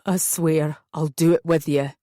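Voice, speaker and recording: A woman's voice: sits low, steady tone, a little slow, no echo, clean studio sound, pitched below the performer's own voice. A woman voicing a tearful earnest young man. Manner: earnest, quiet and pleading.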